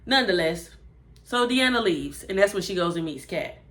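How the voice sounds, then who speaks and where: Woman reviewer, animated and chatty, acts out lines while recapping an episode. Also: on the low side, moderate pace. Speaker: TV show reviewer.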